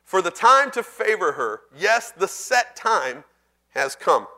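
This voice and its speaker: A high, bright male voice preaches a sermon in a church. He speaks conversationally and turns to his congregation with questions. He slows down to read scripture. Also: sing-song. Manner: reads scripture slowly and deliberately.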